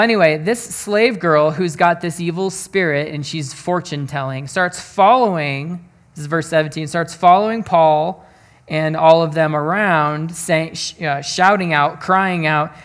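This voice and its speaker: A man preaching through a scripture passage in easygoing everyday speech. He is plainspoken and often repeats or restarts his words. He turns to his listeners with quick direct questions. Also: on the high side, fairly bright tone. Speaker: pastor. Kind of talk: conversational Bible teaching.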